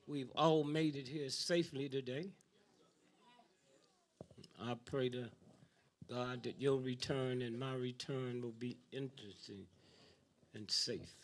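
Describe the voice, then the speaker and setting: An older man giving a speech to a live audience in a preaching style, dropping to a low mutter and rising to loud outbursts, with a steady "huh?" and "hmm?" after his lines. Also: slow pace, long pauses. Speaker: speaker addressing an audience.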